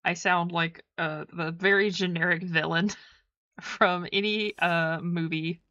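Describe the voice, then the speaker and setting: A woman's voice: on the low side, fairly even intonation, slow pace, sharp tone, dry recording. Woman streamer, casual gaming chatter, chats with viewers, dry close sound, slightly dull mic. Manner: chatty, talks to her pet and her chat. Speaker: game streamer. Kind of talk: casual gameplay stream commentary.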